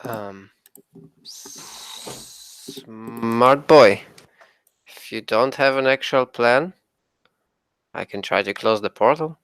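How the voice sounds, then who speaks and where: A man's voice: mid-range voice, slow, pauses often, a bit bright, clear, resonant tone, rough recording. A man playing a tabletop game, speaking in a wry, teasing way. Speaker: player. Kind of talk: tabletop role-play chat.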